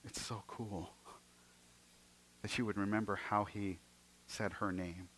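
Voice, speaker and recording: A man preaching a sermon, retelling stories with acted-out voices and moving between emphatic passages and hushed ones. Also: lowish voice, level tone, slow pace, a little hiss or hum. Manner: storytelling, acting out scenes in varied voices; swings from loud and emphatic to hushed. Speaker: pastor.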